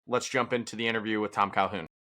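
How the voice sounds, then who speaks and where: Young male co-host, lowish pitch, bright tone, enthusiastic. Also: steady tone, fast. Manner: enthusiastic fan talk. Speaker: podcast co-host. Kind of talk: casual podcast chat.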